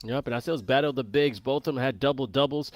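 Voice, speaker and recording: A man's voice: medium pitch, quick pace, no echo, faint music behind. A man giving color commentary on an esports basketball final, upbeat and chatty, with promotional asides to viewers. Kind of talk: sports commentary.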